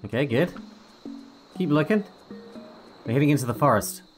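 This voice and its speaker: A man's voice: on the high side, animated, normal speed, soft background music. Laid-back male let's play host. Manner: laid-back, chatty, thinking aloud. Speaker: gaming channel host.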